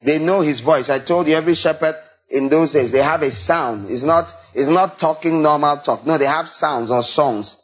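A man preaching a sermon, animated and full of rhetorical questions, now and then imitating sheep and shepherd calls. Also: on the high side, moderate pace, faint music behind. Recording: dull lo-fi recording.

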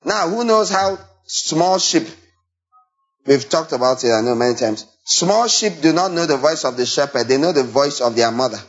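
Animated preacher man, lo-fi. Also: fairly high pitch, normal speed. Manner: animated, rhetorical questions, acts out bleating and shepherd calls. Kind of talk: sermon. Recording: dull lo-fi recording.

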